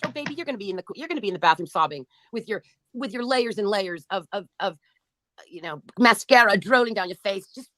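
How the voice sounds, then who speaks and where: A woman host fires back at her chat at a quick clip. Her voice jumps up and down as she mocks and taunts, swearing freely. The sound is close and dry. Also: fairly high pitch, fairly bright tone, no room sound. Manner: taunting, mocking, profane; reads out and answers chat comments. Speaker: livestream host. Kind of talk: commentary on livestream chat.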